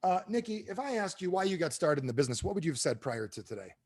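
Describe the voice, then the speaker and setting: Guy doing a pumped-up motivational business talk, kinda high voice, keeps asking the crowd stuff. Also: fast talker, breathy edge. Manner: animated, asks the audience questions. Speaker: speaker at an online training call.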